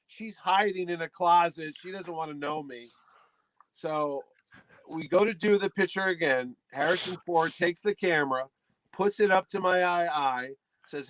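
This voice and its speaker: With no room sound on a low-quality recording, a high-voiced, middle-aged man hosts a podcast and spins a funny story in a casual chat. He's animated, playing out the quoted lines himself.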